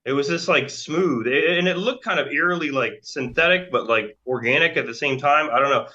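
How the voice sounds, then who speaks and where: This American man, in his forties, is a guest recounting a long, casual story, repeatedly restarting and leaning on fillers. His voice is on the high side with a sharp tone, and he speaks a little fast. The audio sounds dull and lo-fi.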